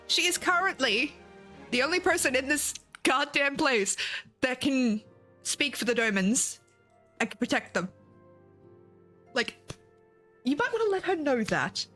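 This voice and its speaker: A woman's voice: sits high, a little slow, pauses often, sharp tone. A young adult woman streaming a game, chatting casually and animatedly, with frequent swearing. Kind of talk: casual live-stream chat. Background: game music.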